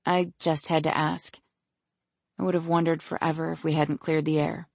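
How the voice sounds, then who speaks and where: An audiobook narrator voicing an anxious, emotional young woman in love, speaking hesitantly and softly. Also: mid-range voice, little pitch movement, moderate pace, creaky, dry recording. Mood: earnest.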